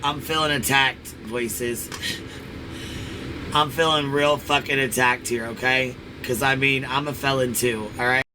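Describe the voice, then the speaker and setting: A man co-hosting a live stream, reacting in an excitable way with lots of swearing and laughs. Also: medium pitch, measured pace, a little hiss or hum, poor audio. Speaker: co-host.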